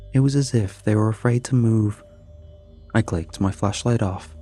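A man tells a scripted horror story with measured, suspenseful pacing. His voice sits low and mellow, and faint music plays underneath. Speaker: narrator.

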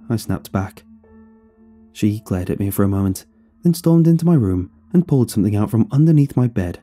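A man narrating a first-person horror story in an expressive storytelling voice. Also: fairly low pitch, a little fast, faint music behind.

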